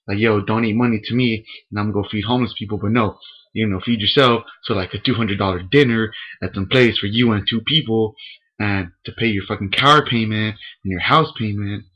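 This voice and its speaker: A man's voice: lowish voice, slightly rough, dull audio. A young man in a casual, rambling and profane webcam rant from a room at home. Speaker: vlogger. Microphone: webcam microphone.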